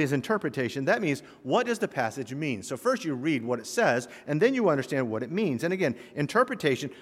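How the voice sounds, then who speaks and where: A man from the American South preaches with a lively, swooping delivery, his voice pitched a little high for a man. He fires off rhetorical questions at his listeners. A long reverb trails behind him in a large hall. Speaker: pastor. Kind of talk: sermon.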